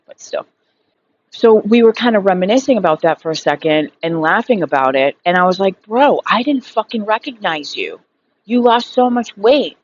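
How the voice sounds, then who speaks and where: Thirtysomething woman vlogging, blunt and sweary, lots of fillers, kinda low voice, slightly muffled recording. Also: a little hiss or hum. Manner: frank, profane, rambling with many fillers. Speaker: recovery vlogger. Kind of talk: casual storytelling monologue.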